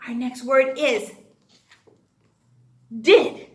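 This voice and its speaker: Female teacher for young kids' phonics, high lively voice, slow and sing-song, echoey room. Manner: slow, sing-song and animated, with gasps and sound effects. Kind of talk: phonics lesson for young children.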